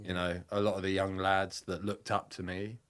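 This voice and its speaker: A man's voice: deep voice, little pitch movement, normal speed, a bit bright. A man in his thirties, a podcast guest and army veteran, telling a rambling, vivid war story with plenty of swearing. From United Kingdom. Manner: acts out quotes in a raised voice.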